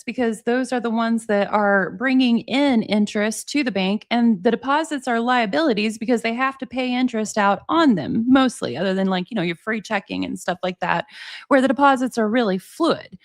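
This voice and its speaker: A woman in her forties talks through a live reaction stream, her voice sitting a little high. She is sarcastic and exasperated, breaks into laughs, and addresses her viewers directly. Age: 40s. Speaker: commentary streamer.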